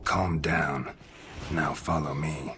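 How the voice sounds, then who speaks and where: A terse, very deep-voiced monster hunter. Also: male voice, flat delivery, bright, forceful tone, a little hiss or hum, full character voice. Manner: dry, clipped, unhurried. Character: gruff, terse middle-aged male monster hunter. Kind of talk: video game dialogue.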